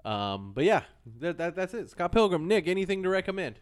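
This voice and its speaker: A man hosts a casual chat, quick and joking as he moves the talk along. He talks fast in a slightly high voice. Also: very animated, clean tone. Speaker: podcast host.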